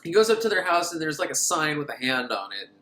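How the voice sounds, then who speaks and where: Rambling male film reviewer, lively up-and-down delivery, roomy echoey room. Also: fairly high pitch, quick pace. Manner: rambling, animated, laughs often. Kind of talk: comic movie recap.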